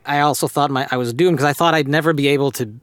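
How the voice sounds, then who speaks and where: A man's voice: medium pitch, fairly even intonation, fast, a bit bright, dry recording. A young man telling a school story in casual chat, hesitant with many restarts. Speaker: storyteller recalling school days.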